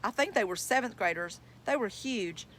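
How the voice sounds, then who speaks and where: A woman voicing a calm, steady schoolboy who stands up for his friends in a read-aloud story. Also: medium pitch, moderate pace, natural voice.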